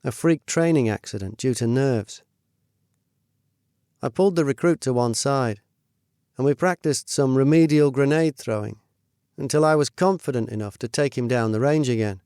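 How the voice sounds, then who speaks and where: A middle-aged man reading his own memoir in a measured, steady storytelling voice. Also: mid-range voice, smooth, no room sound, studio quality. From United Kingdom. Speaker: narrator. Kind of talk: first-person memoir narration.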